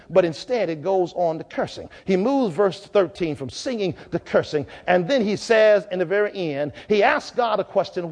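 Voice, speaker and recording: A man with a very high voice preaches in a church. He speaks in rhythmic, repeated phrases and climbs from low, thoughtful passages to full shouts. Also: creaky. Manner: rhythmic, building to shouted climaxes. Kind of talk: sermon.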